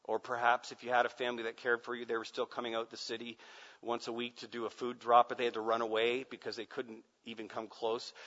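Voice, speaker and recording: A male pastor preaching a sermon dramatically, dropping to a hush and then rising to near shouts. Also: mid-range voice. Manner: dramatic, swings from hushed to loud shouting. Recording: muffled sound with long hall reverb.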